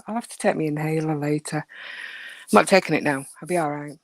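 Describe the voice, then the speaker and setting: A woman's voice: sits low, fairly quick, no room sound. A woman hosting a casual live chat with her viewers, teasing and chatty as she answers them. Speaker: livestream host chatting with viewers.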